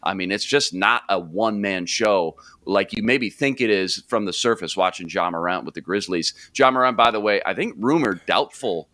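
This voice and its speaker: A young man hosting a sports talk show, recapping games in a lively, casual way and laughing easily. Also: lowish voice, moderate pace, few pauses, no echo.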